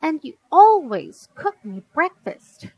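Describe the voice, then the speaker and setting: A bossy little girl, put on by a woman reading aloud, who insists and complains in a high voice that swings up and down. She talks slowly and deliberately. The sound is close and dry. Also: big pitch swings, dry recording, exaggerated voice, poor audio. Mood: demanding.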